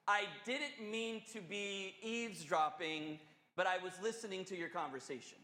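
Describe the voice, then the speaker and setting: A man voicing an older pastor and family counselor who speaks calmly and earnestly, gently confronting strangers. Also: high voice, moderate pace. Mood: gentle firm. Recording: echoey hall.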